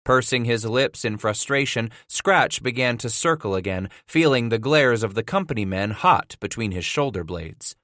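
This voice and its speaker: A male audiobook narrator tells a frontier tale in a steady, measured way. His voice sits at an ordinary pitch and is recorded close and dry, with no room sound at all. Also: dry recording. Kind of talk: scripted narration.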